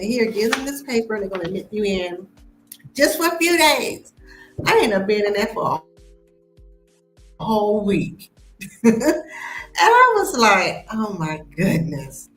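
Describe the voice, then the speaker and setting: An American woman telling a personal story in a casual, animated way, acting out the voices of people she quotes. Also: mid-range voice, roomy sound, rough recording. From United States. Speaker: host of a live stream.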